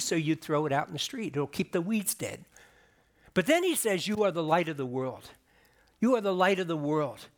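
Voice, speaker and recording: A man delivering a sermon as a pastor, explaining scripture in a conversational way and rising for emphasis. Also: sits high. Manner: conversational preaching with restarts and emphatic rises. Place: church sanctuary.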